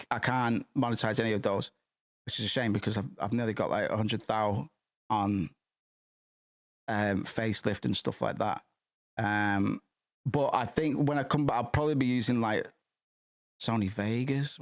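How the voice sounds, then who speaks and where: A man hosting a livestream in casual chat, rambling and excitable with lots of swearing, from his home streaming setup. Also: mid-range voice. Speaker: livestream host.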